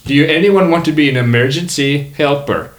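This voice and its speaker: A man's voice: on the high side, brisk, voice pushed up, natural voice. A man voicing a boisterous male cruise captain, upbeat and salesman-like. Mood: cheery.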